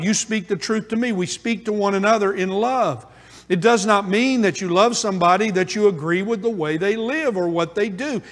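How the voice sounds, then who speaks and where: A male pastor preaching a sermon in a church, repeating key phrases with emphatic rhythm. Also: high-pitched. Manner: emphatic, repetitive preaching cadence. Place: church sanctuary. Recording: long hall reverb.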